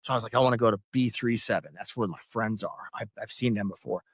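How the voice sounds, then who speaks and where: A man who is an Army veteran and a podcast guest, telling lively anecdotes with frequent laughter and acted-out quotes in casual conversation. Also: on the low side, fast, breathy edge, dry recording, studio quality. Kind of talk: casual storytelling.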